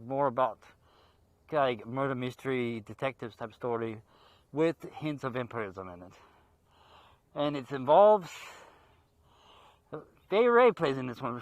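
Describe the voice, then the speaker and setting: A man hosting a horror movie show outdoors in a park, talking casually and off the cuff, excitable and quick to laugh. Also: medium pitch, no room sound. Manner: excitable, laughs a lot, jokey asides.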